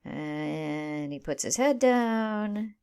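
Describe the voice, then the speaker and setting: A woman instructor talking through a screen-recorded software tutorial, casual and thinking aloud, often checking in with "right?". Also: low-pitched, expressive, very slow, smooth.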